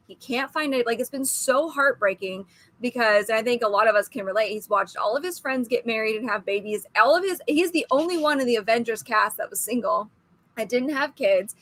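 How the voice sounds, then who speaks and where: Woman, 30s, stream co-host; bright tone, a touch high, animated chatter. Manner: chatty, laughs often, animated storytelling. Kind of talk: casual livestream chat.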